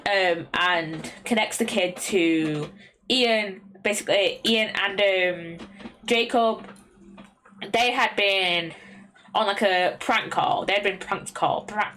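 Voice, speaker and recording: A woman's voice: mid-range voice, takes it slowly, a bit bright, slight background noise. A young woman with an English accent chatting casually as a streamer, rambling with lots of ums and restarts. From England. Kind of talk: casual chat.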